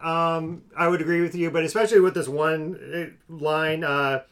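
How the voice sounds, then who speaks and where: Fairly high-voiced man explaining his pick. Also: fairly even intonation, moderate pace, a bit bright. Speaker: podcast co-host. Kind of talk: casual movie review chat.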